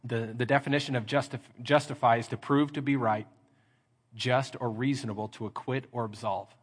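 A middle-aged man preaching a sermon as pastor, lively and acting out little scenes in mock voices. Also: mid-range voice, brisk. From Texas. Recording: reverberant church hall.

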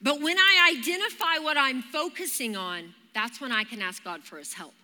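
A woman, giving an animated, story-driven sermon at a live church service. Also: sits high, moderate pace. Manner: animated, storytelling with vivid exclamations. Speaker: church speaker. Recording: reverberant live church hall.

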